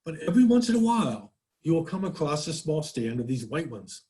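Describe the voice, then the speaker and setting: Man, New England accent, slightly high voice, casual nature presenter, folksy, birdsong mimicry. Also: very animated, brisk, dark tone, rough recording. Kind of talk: casual slide-show talk.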